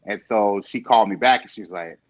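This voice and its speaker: A man on an interview show telling a story in a lively way, acting out quotes and laughing often. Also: lowish voice, a little fast. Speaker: interview guest. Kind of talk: conversational podcast interview. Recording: dull lo-fi sound.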